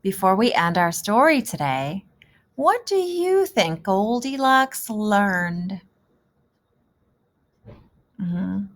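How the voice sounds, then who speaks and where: A woman teaching a kindergarten class in a gentle, encouraging manner. She asks the children questions and answers them herself, in a mid-pitched voice. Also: big pitch swings, extremely slow, pauses often. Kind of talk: reading lesson for young children.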